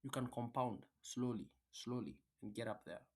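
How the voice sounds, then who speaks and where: A man's voice: medium pitch, normal speed, darkish tone. Blunt, profane man giving a pep talk. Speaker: trading content creator. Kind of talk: casual motivational rant.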